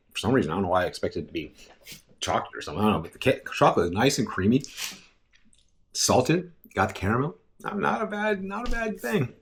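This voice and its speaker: A man's voice: lowish voice, fairly bright tone, slight background noise. A middle-aged man casually taste-testing snacks on his vlog, chatty and rambling, often laughing at himself. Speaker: food reviewer. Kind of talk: casual food-tasting vlog.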